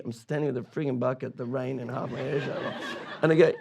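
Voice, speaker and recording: A man with a gravelly, creaky voice tells stories from his career. He talks in a lively, animated way and often breaks into laughter and restarts his sentences. He is a guest in an interview on stage in a cinema. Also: medium pitch, fast talker. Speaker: film director, interview guest. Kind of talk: animated anecdotal storytelling.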